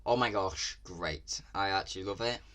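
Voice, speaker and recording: Excitable, bright-voiced English man ranting. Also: sits low, moderate pace, soft background music. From England. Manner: excitable, ranting, swears freely. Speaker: reaction video creator. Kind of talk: casual reaction commentary.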